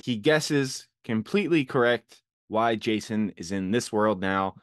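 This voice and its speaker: A man hosting a casual podcast, recapping a TV episode with animated retelling and acted-out quotes. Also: fairly low pitch, measured pace, slight background noise. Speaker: podcast host recapping a TV show.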